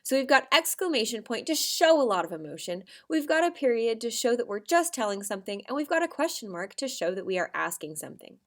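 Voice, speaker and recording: A woman teacher giving a recorded lesson to young children, expressive and acting out examples with big shifts in her voice. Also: fairly high pitch, fast, hardly any pauses.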